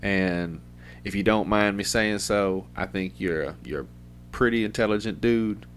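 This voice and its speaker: A man's voice: fairly low pitch, moderate pace, slight background noise. A middle-aged man hosting a podcast, rambling in a loose, profane, casual way. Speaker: podcast host.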